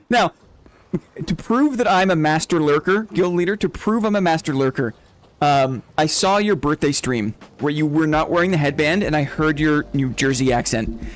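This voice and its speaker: A man's voice: a little high, normal speed. A young man hosting a casual live stream who rambles, laughs often and keeps asking "right?". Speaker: game streamer. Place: home streaming setup.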